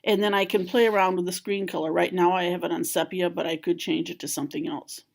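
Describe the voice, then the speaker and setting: Woman, lowish voice, calm step-by-step tutorial, library trainer. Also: fast talker, gravelly. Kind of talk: screen-recorded software tutorial.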